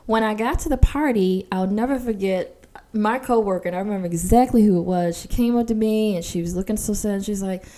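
A woman in her forties telling a personal story in casual chat, animated and acting out what people said. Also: mid-range voice, brisk. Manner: animated storytelling, acts out quoted voices.

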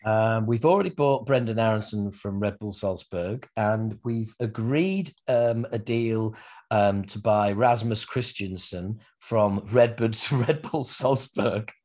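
A man's voice: lowish voice, slow, darkish tone. A man co-hosting a football podcast, chatting casually with teasing banter and the odd swear word. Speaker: football podcast co-host, Leeds fan. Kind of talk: casual chat.

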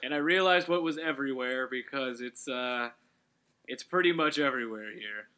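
A man hosting a relaxed gaming commentary, rambling and correcting himself as he talks, with quick laughs. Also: medium pitch, clean tone. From Canada. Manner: rambling, self-correcting, giggly. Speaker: let's play host.

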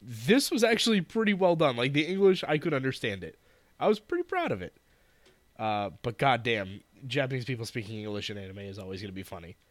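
A man's voice: mid-range voice, sing-song, a little fast, no room sound. A man co-hosting a casual chat, joking bluntly and swearing freely. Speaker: podcast co-host.

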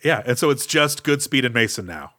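A man's voice: mid-range voice, lively intonation, brisk, sharp tone. A man co-hosting a podcast, musing wryly about an action movie in casual chat. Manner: wry, questioning, thinks aloud with fillers. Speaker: podcast co-host.

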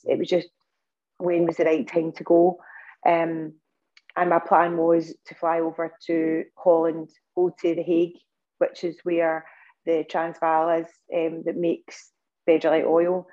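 A Scottish woman speaks as a podcast guest, recounting events earnestly with plenty of ums and restarts. Her voice sits low and stays fairly level, with a warm, mellow tone. The recording sounds a little dull and lo-fi. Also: monotone, normal speed. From Scotland. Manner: earnest storytelling with many fillers and restarts. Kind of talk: casual interview talk.

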